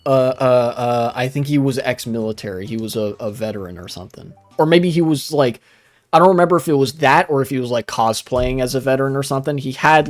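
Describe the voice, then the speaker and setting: A young man streaming live, telling a rambling, profane story with many fillers while he plays. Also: medium pitch. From United States.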